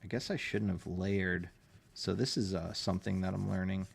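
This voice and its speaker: A man's voice: sits low, fairly even intonation, moderate pace, creaky, husky. A man with a Northeastern American accent, chatting casually with his livestream audience while drawing. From Connecticut, USA. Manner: chatty, reads chat aloud, laughs often. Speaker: livestreaming artist.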